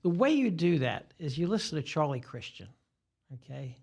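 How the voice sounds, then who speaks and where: A man's voice: fairly high pitch, very animated, moderate pace, creaky, darkish tone. An older man who teaches guitar, giving rambling, teacherly explanations as a guest in a casual podcast interview.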